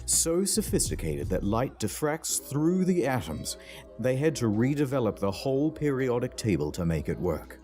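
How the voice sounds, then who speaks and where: A man's voice: medium pitch, sing-song, normal speed, warm tone, soft background music. A man giving scripted comedic documentary narration with a dry, sardonic delivery.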